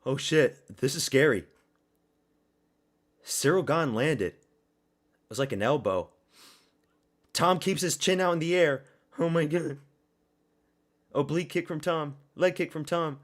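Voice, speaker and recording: Excitable male streamer swearing through a fight, somewhat high voice, slow drawn-out delivery. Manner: excitable, profane, repeats himself. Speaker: watch-party streamer. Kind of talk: live fight reaction commentary.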